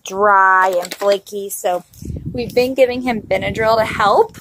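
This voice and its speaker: A woman's voice: mid-range voice, a little hiss or hum. A young woman, a mother, chatting casually to the camera in a family vlog, laughing often and cooing at her kids.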